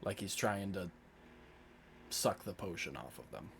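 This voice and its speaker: A man's voice: low voice, expressive, a little slow, gravelly, slight background noise. A man at a tabletop game describing his character's actions in first person, in a laid-back manner with loose fillers. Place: home streaming setup.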